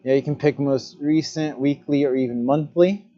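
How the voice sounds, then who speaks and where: A man's voice: on the high side, steady tone, normal speed, warm tone, highs cut off. A man chatting casually during his own live stream as a glassblower, thinking aloud while he adjusts his stream settings. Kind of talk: casual livestream chat.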